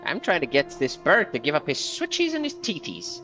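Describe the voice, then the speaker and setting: A man's voice: fairly high pitch, wildly swooping pitch, fairly quick, sharp tone, faint music behind, pitched above the performer's own voice, heavily acted. A man doing a cackling sing-song old hag. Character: batty old hag woman who scavenges corpses.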